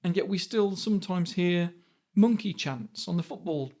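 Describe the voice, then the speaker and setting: A man's voice: sits high, lively intonation, normal speed, dark tone. A man in his fifties hosting a podcast, talking through ideas and asking rhetorical questions. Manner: conversational, asks rhetorical questions. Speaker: podcast host. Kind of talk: reflective podcast monologue.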